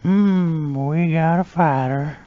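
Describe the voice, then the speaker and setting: A man voicing a creepy elderly male pervert with a slow, leering, quavering drawl. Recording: muffled low-fi audio.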